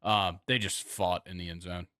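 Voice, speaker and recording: A young man co-hosting a casual sports podcast, laid-back and quick to laugh, trailing off with fillers as he thinks. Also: low-pitched, little pitch movement, sharp tone, smooth, no room sound. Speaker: podcast co-host.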